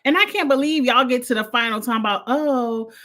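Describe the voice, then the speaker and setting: A woman, reviewing a reality show in a blunt, animated casual livestream chat with frequent laughter. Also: fairly high pitch, brisk. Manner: blunt, animated, laughs often, uses slang.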